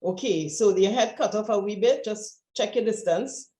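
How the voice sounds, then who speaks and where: A woman coaching speakers over a video call, giving brisk, encouraging directions. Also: medium pitch, mellow, roomy sound. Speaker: presentation coach. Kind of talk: online coaching session.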